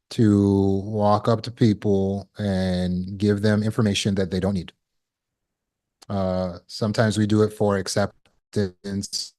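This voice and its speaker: A man's voice: low-pitched, darkish tone. A man giving a spoken lesson to an online audience. As a healing course teacher, he asks rhetorical questions and repeats words while he thinks.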